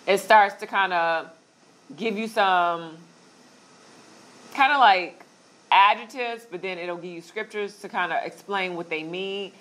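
Relaxed and conversational, with filler words sprinkled throughout, a woman steps listeners through on-screen instructions in her Bible study class. She speaks in a medium pitch, at a slightly slow pace.

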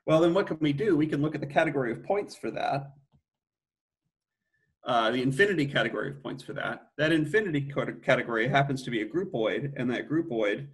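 A man's voice: mid-range voice, animated, brisk. Man lecturing, self-correcting as he goes. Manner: thinking aloud, frequent self-corrections and restarts. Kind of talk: academic math lecture.

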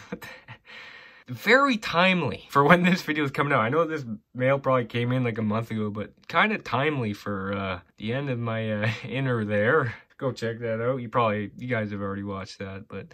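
A man from Canada rambles through his card mail in a loose, chatty way, muttering to himself between finds. His voice has a bright, slightly sharp edge, and it jumps up whenever a pull surprises him. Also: mid-range voice, quick pace. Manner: chatty, muttering, easily excited. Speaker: hockey card collector opening mail. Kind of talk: casual commentary while opening cards.

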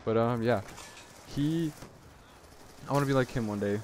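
A man giving casual, rambling gameplay commentary, excitably retelling his moments in the match. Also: medium pitch, moderate pace. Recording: noisy game audio underneath. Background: game sound effects.

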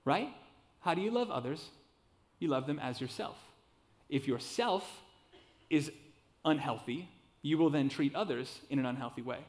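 Pastor, man, 30s, slightly higher voice, relaxed conversational sermon with jokey asides. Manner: casual, animated preaching with asides and self-deprecating jokes. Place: church sanctuary.

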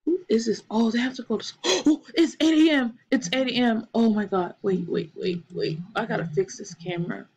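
A young woman chatting excitedly to her viewers while playing a life-sim game, full of ums and gasps. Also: medium pitch, fairly quick, few pauses, a little hiss or hum, poor audio. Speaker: gaming channel host. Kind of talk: casual gameplay commentary. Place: bedroom at home, TV in another room.

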